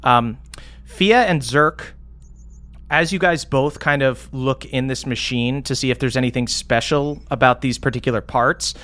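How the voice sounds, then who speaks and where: A man narrating a tabletop game as its game master. His talk is loose and casual, and it is full of pauses and fillers. His pitch sits in the middle. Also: fairly bright tone.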